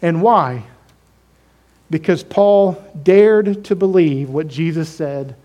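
High-voiced emphatic male preacher. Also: takes it slowly, warm tone. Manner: emphatic, repeats phrases, asks the congregation questions. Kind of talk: sermon.

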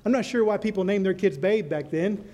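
Man, pastor, high voice, sermon to a congregation, rhetorical questions, storytelling. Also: brisk, mellow. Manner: tells a story to make a point. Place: church with live congregation.

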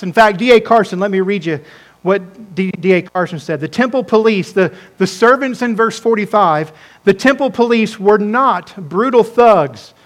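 A man preaching a sermon, repeating words as he builds each point and dropping to a hushed voice for quoted speakers. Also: sits high. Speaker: pastor.

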